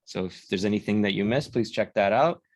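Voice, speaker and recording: A man hosting an online library workshop, relaxed as he thanks the presenters and wraps up. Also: on the low side, fairly quick, dry recording, rough recording. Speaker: library program host. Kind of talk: closing a live online workshop.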